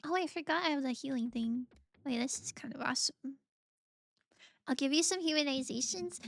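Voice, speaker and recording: A woman's voice: high voice, brisk, gravelly, pauses often. A woman streamer chatting casually and playfully while gaming, rambling, giggling and reading out chat messages.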